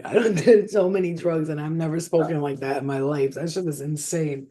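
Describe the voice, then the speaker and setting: A woman's voice: deep voice, fairly even intonation, a little fast, few pauses, warm tone. A woman hosting a casual livestream as a spiritual healer, rambling, swearing freely and laughing often.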